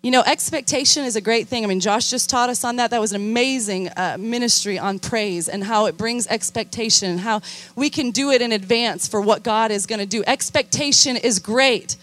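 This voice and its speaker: A young woman youth minister preaching with animated emphasis, her voice pitched a little high. She drives her points home and keeps calling for responses from her listeners. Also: fairly quick. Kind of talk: sermon.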